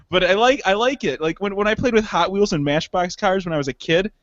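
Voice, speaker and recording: A man's voice: sits high, a little fast, fairly bright tone, dry recording, highs cut off. A young man from the Detroit suburbs, co-hosting a podcast in casual chat, rambling and joking with laughs between phrases. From Detroit suburbs, Michigan. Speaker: podcast co-host.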